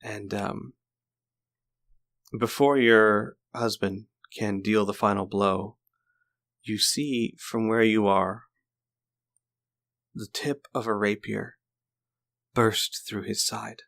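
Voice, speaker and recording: A man narrating a tabletop game as game master in a slow, deliberate storytelling manner. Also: lowish voice, steady tone, vocal fry, fairly bright tone.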